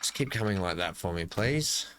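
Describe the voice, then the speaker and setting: A man's voice: sits low, animated, moderate pace, fairly bright tone, a little hiss or hum. An Australian man hosting a casual gameplay commentary, chatty and jokey, talking to himself as he plays. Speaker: gaming channel host.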